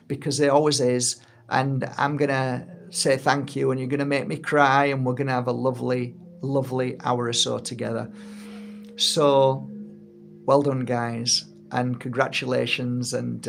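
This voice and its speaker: A man's voice: mid-range voice, creaky, slight background noise. A middle-aged man who teaches energy healing and founded his own course, talking in a casual, earnest and heartfelt monologue. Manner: earnest and heartfelt, acts out little quoted exchanges. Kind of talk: casual spoken monologue to camera.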